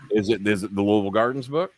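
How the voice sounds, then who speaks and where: A man's voice: lowish voice, a little fast. A man hosting a casual live stream, rambling, swearing freely and haggling with viewers. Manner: rambling, profane, bargaining with viewers. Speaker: show host.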